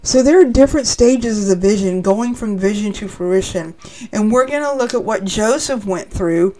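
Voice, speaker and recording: A woman's voice: mid-range voice, moderate pace, warm tone, poor audio. A woman preaching a sermon, earnest and speaking straight to her listeners. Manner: earnest, addressing listeners directly.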